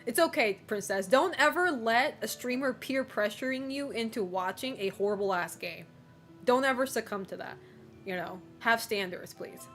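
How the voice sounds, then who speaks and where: A woman's voice: fairly high pitch, fairly bright tone. A woman streamer chatting casually with her live chat, teasing viewers, swearing freely, and laughing often.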